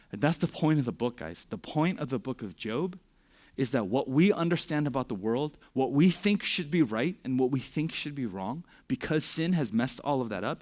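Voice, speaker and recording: A young man preaching a youth sermon in a conversational way, with frequent "right?" check-ins and sarcastic asides. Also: medium pitch. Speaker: youth pastor.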